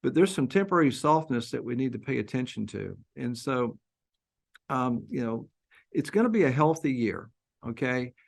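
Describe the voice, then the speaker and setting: A man's voice: mid-range voice, lively intonation, vocal fry. Businesslike male webinar host. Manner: measured, businesslike, wraps up with announcements. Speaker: webinar host, industry analyst.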